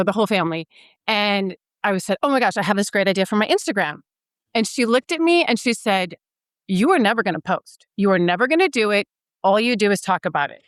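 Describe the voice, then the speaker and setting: A woman in her fifties, a podcast guest telling a personal story in a casual, animated way and acting out what others said. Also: medium pitch, no room sound, clean studio sound. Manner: animated, acts out quoted dialogue.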